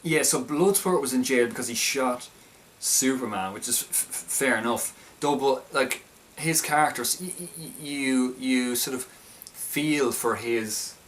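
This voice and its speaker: A man's voice: medium pitch, unhurried, hardly any pauses, fairly bright tone, recorded from a distance, slight background noise. A man casually reviewing a film, talking in a hesitant, stop-start way with many restarts.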